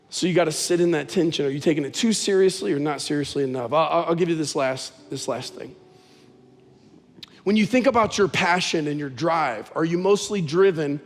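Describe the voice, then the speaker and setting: A man's voice: sits high, in a large hall. A man preaching a sermon as pastor, talking conversationally and telling stories with animation.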